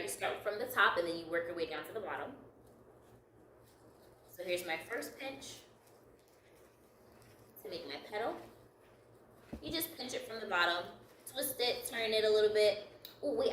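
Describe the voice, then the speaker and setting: A woman's voice: mid-range voice, a bit bright, echoey room, far from the mic, a little hiss or hum, rough recording. A woman leading a step-by-step craft tutorial, upbeat and encouraging, laughing lightly at her own slips. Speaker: craft instructor.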